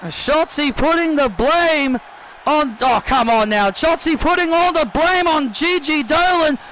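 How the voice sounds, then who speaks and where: A man giving excited play-by-play commentary on a wrestling video game, often repeating and restarting his phrases. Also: extremely high pitch, unhurried, slight background noise, low-quality recording. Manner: repeats and restarts phrases, shouts at big moments.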